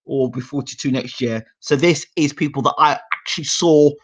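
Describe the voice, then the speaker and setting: A man's voice: medium pitch, fairly even intonation, normal speed, slightly rough. A man in his forties hosting a boxing channel, telling casual stories and acting out his dad's voice in the quoted lines. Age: 40s. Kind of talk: casual storytelling monologue. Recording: dull lo-fi sound.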